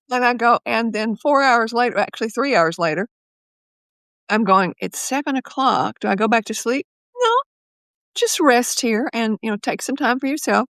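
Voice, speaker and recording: A woman psychologist talking as a podcast interview guest, an animated storyteller who acts out her own inner voice. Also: on the high side, no echo.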